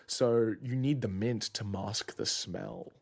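Young man telling a travel story, low voice. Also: creaky, slightly rough. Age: 20s. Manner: casual, vivid storytelling with quick asides. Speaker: student storyteller.

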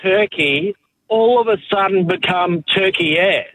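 A friendly Australian man rings a radio show, puzzled and curious as he asks his question. His voice sits quite high for a man and comes over a phone line. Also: measured pace, fairly bright tone. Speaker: caller.

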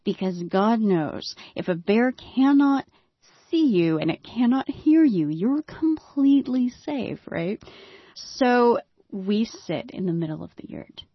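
A woman telling a personal story in a monologue, with wry, dry humor and dramatic hushed drops. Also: on the high side, sing-song, slow pace, slightly rough, dry recording, dull audio.

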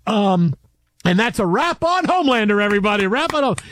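A man in his fifties co-hosting a casual chat, telling stories in a rambling, animated way with many restarts. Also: sits high, a little fast, no room sound, clean studio sound. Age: 50s. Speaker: co-host.

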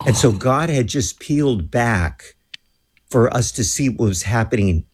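A man being interviewed as a guest, telling a lively story and acting out the voices of the people in it. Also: mid-range voice, measured pace, a little hiss or hum. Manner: animated storyteller who acts out quoted voices.

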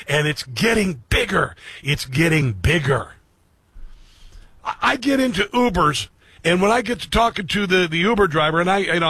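A middle-aged man hosts his show in an earnest monologue, circling back and repeating lines for weight. His voice sits a bit high and sounds husky. The sound is close and dry. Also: fairly bright tone, no room sound. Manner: earnest, repetitive, restarts phrases. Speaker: radio and streaming show host. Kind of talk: reflective monologue to listeners.

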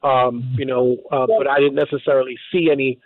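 A man's voice: mid-range voice, fairly even intonation, brisk, no echo. A man hosting a call-in radio show, taking calls and often stumbling and restarting over words. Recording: narrow phone-like radio audio.

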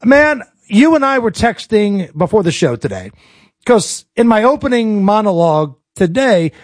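An American man with a high voice hosts a talk show in a blunt, opinionated way, cracking jokes between questions. The sound is dry and close, with no room around it. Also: very animated, moderate pace, dry recording. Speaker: show host. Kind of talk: casual political talk show chat.

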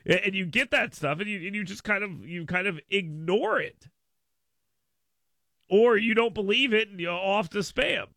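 A male radio talk show host with a high, bright voice, recorded dry and close in the studio. He rambles through a story, full of asides and sudden emphasis. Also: normal speed, creaky, no echo. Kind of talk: casual radio monologue. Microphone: studio microphone.

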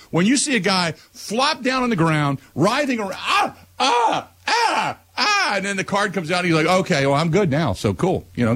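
Radio talk host, male, husky, lively pitch, opinionated rant. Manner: animated ranting, voice climbing high when worked up.

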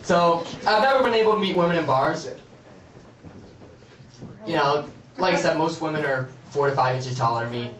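A man's voice: fairly high pitch, normal speed, long pauses. A man performs stand-up in a club, his complaints building into punchlines. The room rings around him and an audience laughs in the background. He sounds a little away from the mic. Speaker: stand-up comedian. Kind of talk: stand-up set. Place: comedy club stage. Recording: echoey club, crowd laughing, distant mic.

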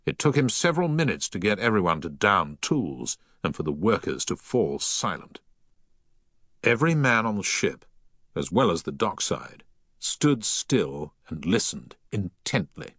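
A man reading a story aloud in the first person, with a deep but bright, forward tone. His pitch moves expressively through the sentences, recorded close and dry. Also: very animated, measured pace, dry recording. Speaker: narrator. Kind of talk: audiobook narration.

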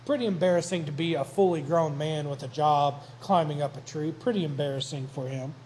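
A man's voice: a little high, fairly quick, a little mellow, a little hiss or hum, rough recording. A man preaching a sermon to a congregation, retelling the story in a conversational, joking way. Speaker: pastor.

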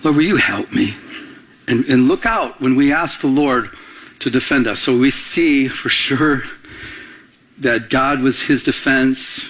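A man's voice: steady tone, takes it slowly, a bit bright. A middle-aged male pastor preaching a sermon, telling stories and acting out the voices of the people in them. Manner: storytelling, acting out quoted voices with rising pitch.

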